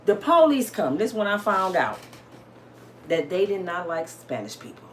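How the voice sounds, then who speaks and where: A woman with an African American Vernacular English accent, telling a dramatic personal story to her listeners in a casual, lively way. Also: fairly low pitch, normal speed, slight background noise. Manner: dramatic, addresses listeners as y'all. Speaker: storyteller host.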